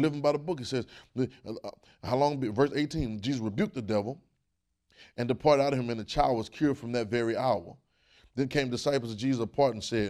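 A man's voice: mid-range voice, mellow. A man preaching a sermon, with emphatic, rising bursts and repeated phrases.

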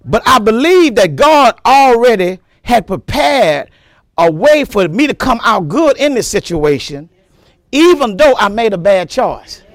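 High-pitched shouting preacher man. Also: sing-song, unhurried, no room sound, clean studio sound. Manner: emphatic preaching, repeats words, breaks into shouts. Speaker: pastor. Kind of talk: sermon.

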